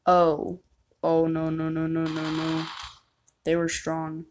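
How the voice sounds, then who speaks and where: A woman's voice: sits low, monotone, a little slow, a little mellow, slight background noise. A woman chatting and rambling as she plays a game, giving commentary and poking fun at herself. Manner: chatty, rambling, self-mocking. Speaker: gamer. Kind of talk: gameplay commentary.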